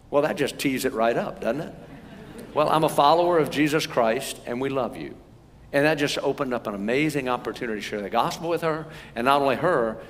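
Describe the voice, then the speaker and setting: A man's voice: medium pitch, fairly bright tone. A man from the United States giving a sermon, telling stories earnestly and building to emphatic points. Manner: earnest, storytelling, rising emphasis. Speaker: preacher. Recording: long hall reverb.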